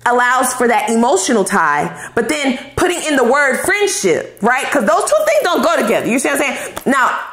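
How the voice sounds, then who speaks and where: A woman's voice: high-pitched, moderate pace, hardly any pauses, roomy sound. A woman giving a casual tarot reading to camera, talking bluntly in heavy slang and swearing freely. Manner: blunt, profane, slangy and animated. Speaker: tarot reader.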